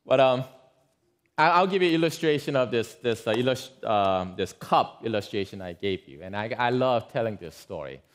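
A man preaching, walking his congregation through a story with plenty of asides. His pitch rises and falls a great deal as he talks, and he sits at an ordinary middle pitch for a man. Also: lively intonation, moderate pace. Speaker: pastor. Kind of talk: sermon storytelling.

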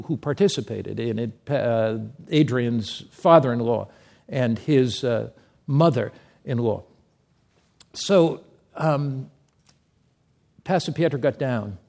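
A man's voice: mid-range voice, a little mellow. A male preacher giving a sermon, telling a story and reading scripture with emphatic delivery.

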